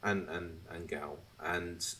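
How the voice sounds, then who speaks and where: A man hosting a podcast, chatting casually and ranting with animated asides and swearing. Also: low voice, slow pace. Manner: animated, swearing, mimics others mid-rant. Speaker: podcast host. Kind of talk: casual chat.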